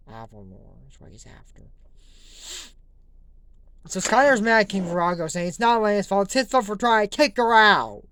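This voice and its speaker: A man's voice: sits high, sing-song, normal speed, long pauses, bright, forceful tone, a little hiss or hum. A man hosting a casual, rambling recap of a cartoon episode, acting out the characters as he goes. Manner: rambling, restarts, acts out the characters.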